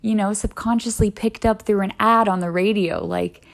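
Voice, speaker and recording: A woman's voice: medium pitch, steady tone, normal speed. Encouraging woman podcaster, chatty and earnest. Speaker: podcast host. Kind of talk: solo wellness podcast talk.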